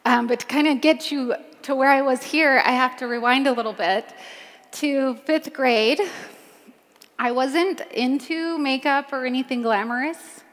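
A woman's voice: high-pitched, measured pace, fairly bright tone, long reverb tail. A woman on stage giving a personal talk to a crowd, chatty with many ums, her voice a little cracked from screaming. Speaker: keynote speaker, founder of a makeup line.

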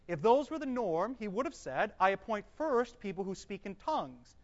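A Bible teacher giving a class to a live group, reading scripture aloud slowly, explaining it, and quizzing the room with questions he then answers himself. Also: medium pitch, sing-song. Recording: dull, echoey hall recording.

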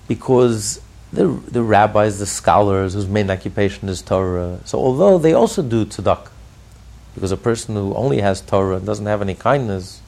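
Man, rabbi giving a Torah class, gravelly husky voice, emphatic repetition. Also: lowish voice, mellow. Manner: builds emphasis through repeated phrases. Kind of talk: Torah lecture.

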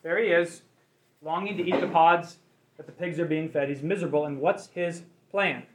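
High-voiced man leading a Bible class. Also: normal speed, a little hiss or hum. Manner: conversational, asks the group questions. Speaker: Bible study leader. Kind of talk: interactive Bible class teaching.

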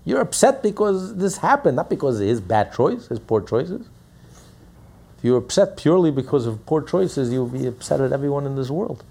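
A man's voice: mid-range voice, sing-song, normal speed, vocal fry, dark tone, breathy edge. A man teaching a Torah class as a rabbi, preaching with rhetorical questions and acting out the voices he quotes.

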